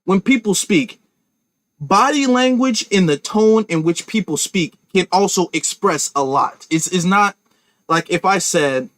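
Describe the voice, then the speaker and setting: A man's voice: high-pitched, expressive, measured pace, a bit bright, no room sound. Guy ranting about politics to his viewers, dry close mic. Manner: emphatic, talks to viewers directly, repeats and restarts. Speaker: commentary channel host. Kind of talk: political commentary rant.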